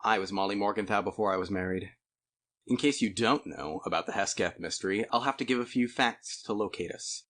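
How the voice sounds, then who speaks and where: A man reads a novel aloud in a conversational first-person manner. His voice sits low. The delivery is plain and chatty audiobook narration. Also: brisk, a bit bright. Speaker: audiobook reader.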